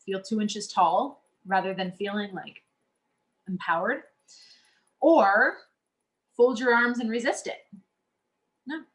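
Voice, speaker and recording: A woman's voice: medium pitch, unhurried, long pauses. A woman coach giving a casual, earnest teaching talk to her audience, speaking conversationally with many fillers and restarts.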